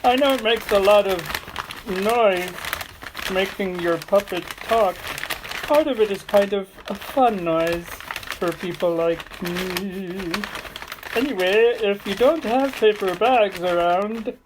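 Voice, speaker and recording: Slow, rambling woman chatting to camera. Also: mid-range voice, noisy background. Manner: rambling and playful, with many ums and uhs. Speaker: online video host. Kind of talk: casual chat to camera.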